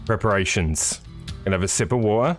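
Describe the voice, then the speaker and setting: A man with a fairly low voice hosts a sim racing live stream. He talks in a loose, rambling way, cracking jokes and greeting viewers. Faint music plays underneath. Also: fast. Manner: jokey, rambling, chatty with viewers. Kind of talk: casual live-stream commentary.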